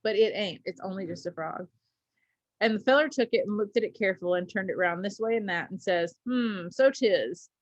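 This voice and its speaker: Teacher lady reading a story out loud, chatty asides, middle pitch, dry kinda dull audio. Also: a little fast, dry recording. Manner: reads with asides and small slips. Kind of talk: reading a story aloud to a class.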